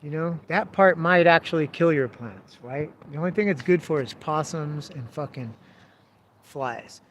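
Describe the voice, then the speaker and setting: A man in a fairly high register spins a casual story, cussing freely and tossing in dude and bro. His delivery is laid-back and loose. A faint hiss of noise sits under the voice. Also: measured pace, a bit bright. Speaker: taxidermist telling a story.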